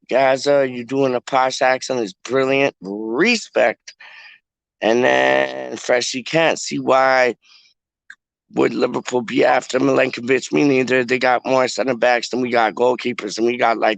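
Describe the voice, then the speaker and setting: A man with a medium-pitched, creaky voice, recorded dry, hosts a casual livestream. He rambles along in slang, leaning heavily on "like" and often restarting his thoughts as he chats live.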